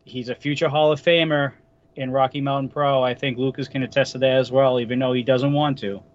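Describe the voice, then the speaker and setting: A man's voice: medium pitch, steady tone, fairly quick. A man from Massachusetts on a podcast panel, making emphatic wrestling predictions in casual, slangy chat. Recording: dull lo-fi sound.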